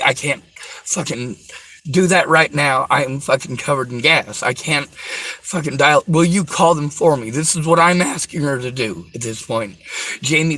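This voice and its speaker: A man's voice: medium pitch, sharp tone, rough recording. A man telling a personal story to the camera, rambling, repeating himself and swearing freely. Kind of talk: casual spoken storytelling to camera.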